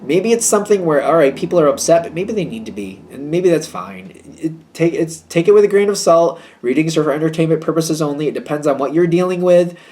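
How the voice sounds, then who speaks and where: A man's voice: a little high, a little fast, few pauses, dark tone. A man giving a casual tarot reading to his viewers, chatty and hedging, with a wry, slightly snippy tone. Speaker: tarot reader.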